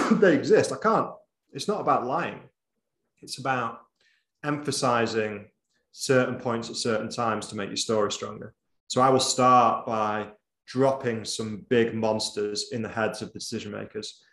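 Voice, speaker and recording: A man's voice: mid-range voice, unhurried, a bit bright. A man giving a conversational online presentation, shifting his volume and tempo and sometimes dropping almost to a whisper. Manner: conversational, varies volume and tempo, drops to near whisper at times. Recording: roomy echo.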